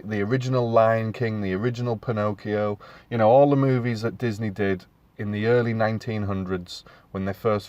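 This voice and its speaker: A man's voice: mid-range voice, no echo, muffled recording. A man in his thirties giving a casual, rambling film review as a podcast host, with many fillers and restarts. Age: 30s.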